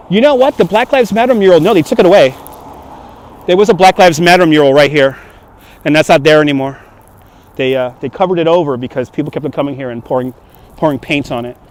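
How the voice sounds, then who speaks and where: A fairly high-voiced man with a light New York accent strolls outdoors while livestreaming. He chats casually, reacting to viewer comments. Street traffic passes in the background as he holds a phone on a gimbal. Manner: chatty, answers viewer comments on the go. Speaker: livestream walking tour guide. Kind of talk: casual live-stream chat while walking. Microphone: handheld phone on gimbal.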